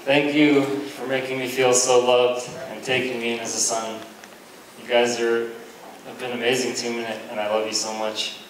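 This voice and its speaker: Young groom, far off in an echoey hall. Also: male voice, medium pitch, flat delivery, normal speed. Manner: heartfelt, laughing between lines. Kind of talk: wedding toast. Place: large reverberant banquet room. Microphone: distant from the camera mic.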